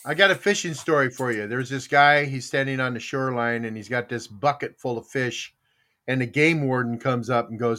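A man's voice: mid-range voice, a little fast. A man hosting a podcast, joking, laughing and reading out the live chat. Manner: lively, jokey, laughs easily. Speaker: podcast host.

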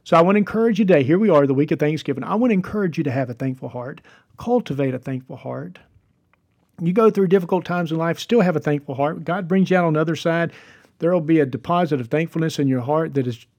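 A man's voice: a little high, darkish tone. A man, hosting a devotional podcast and telling a story in an earnest, encouraging way. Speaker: podcast host.

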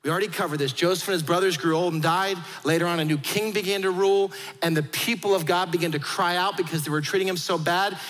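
Animated high-voiced male pastor preaching. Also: fast, few pauses, big-room sound. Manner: animated, acts out quoted voices. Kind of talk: sermon.

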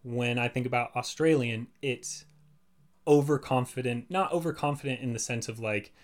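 A man's voice: mid-range voice, normal speed. Chatty man, voice actor. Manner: chatty, explains at length with many fillers. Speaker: voice actor and podcast co-host. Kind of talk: casual podcast chat.

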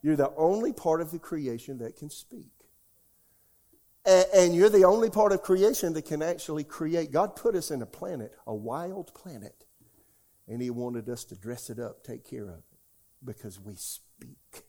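Older male preacher, dark mellow tone, emphatic sermon delivery with call-outs to the congregation. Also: a little high, lively intonation, moderate pace. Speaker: pastor.

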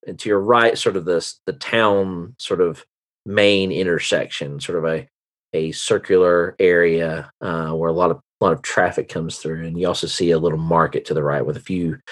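A man narrating a tabletop game as game master, with many ums and hesitations. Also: low voice. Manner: hesitant, full of ums and uhs.

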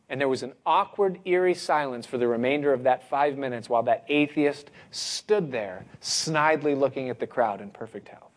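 A man preaching a sermon, speaking expressively with dramatic pauses and rising emphasis. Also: a little high.

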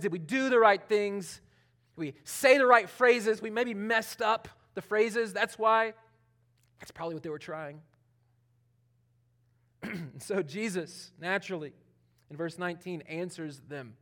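A pastor's sermon in a loose, conversational style, delivered by a man with a notably high voice. He leans on casual fillers and moves between loud, emphatic phrases and hushed asides as he works through a passage. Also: a little slow, pauses often.

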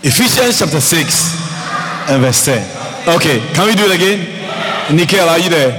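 A man's voice: a little high, moderate pace, a crowd in the background. A man preaching a sermon as pastor, calling out to the congregation and repeating phrases for emphasis. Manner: lively preaching with calls to the congregation. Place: church hall. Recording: long hall reverb, faint ambience.

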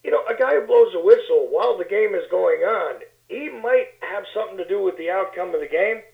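High gravelly man on a phone line. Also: expressive, brisk. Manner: wry, sardonic, repeats words while thinking. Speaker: guest. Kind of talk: casual political talk. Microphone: phone call. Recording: tinny phone line with echo.

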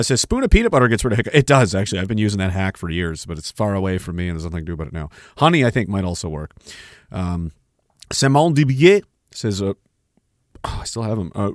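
A man's low voice swings widely in pitch as he talks fast on a home livestream, reading chat, cursing often, and dropping sentences halfway. The clean studio sound has no echo.

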